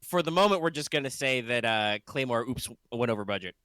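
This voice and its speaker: Bright, smooth-voiced man running the game. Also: medium pitch, brisk, no room sound. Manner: relaxed, joking, scene-setting. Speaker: game master. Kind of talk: narrating a tabletop game.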